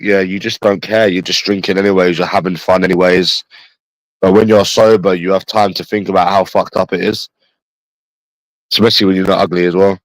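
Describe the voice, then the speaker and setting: A man's voice: low voice, no room sound, rough recording. A young man with a London accent, chatting casually and bluntly to his livestream viewers, swearing often and calling them bro. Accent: London English. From England.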